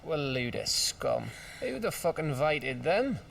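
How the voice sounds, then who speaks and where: An actor voicing a blunt, gruff male fighter companion in a video game, who swears freely. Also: on the high side, sing-song, takes it slowly, a bit bright, slight background noise, heavily acted. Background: game music.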